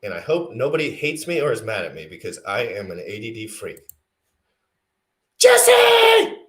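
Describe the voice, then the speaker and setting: Excitable rambling man on a livestream. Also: fairly low pitch, quick pace. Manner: rambling, self-deprecating, excitable. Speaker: livestream co-host. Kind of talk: casual livestream chat.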